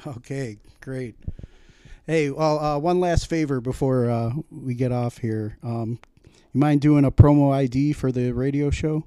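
Chill radio host guy, warm smooth voice, lots of uhs, dry sound. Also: medium pitch, no room sound. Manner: easygoing, halting with fillers. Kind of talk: casual interview chat.

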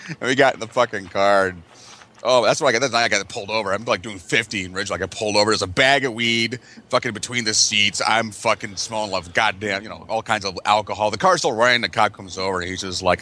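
A man with a bright, forceful voice tells rowdy party stories to his friends. He swears constantly and laughs through his own tales. His energy keeps climbing as each story gets wilder. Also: fairly low pitch, quick pace. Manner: profane, laughing, excitable storytelling. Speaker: podcast regular. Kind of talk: casual storytelling among friends.

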